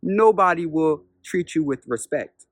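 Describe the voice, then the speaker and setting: A man voicing a mischievous male trickster spirit who gives a measured, instructive lesson in a spoken parable. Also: on the high side, expressive, no room sound, studio quality. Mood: stern, teaching.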